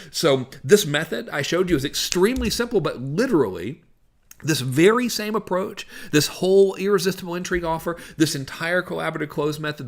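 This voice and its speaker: A man coaching on sales in a casual, instructional way, acting out parts of his calls as he explains. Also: on the high side. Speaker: business coach.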